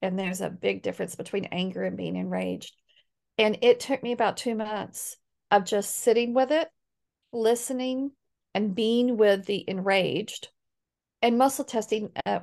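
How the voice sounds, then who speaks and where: A middle-aged woman speaking as a guest in a conversational interview, earnest and animated when she quotes others. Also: mid-range voice, creaky. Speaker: guest, healing coach.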